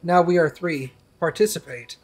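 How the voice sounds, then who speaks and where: A man's voice: on the high side, moderate pace, faint music behind, natural voice. A man voicing a small eager male kobold who speaks in clipped, broken grammar.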